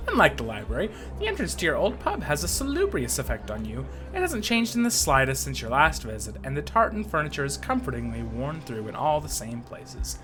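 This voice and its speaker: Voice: mid-range voice, huge pitch swings, fairly quick, hardly any pauses, a bit bright, soft background music. A game streamer reading a story game aloud with playful, self-mocking commentary and frequent laughter.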